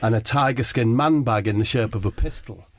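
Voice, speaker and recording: A man's voice: mid-range voice, fairly quick. A man telling a rambling comic story. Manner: conspiratorial, keeps checking in with "right?" and "yeah?". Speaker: comedy podcast co-host.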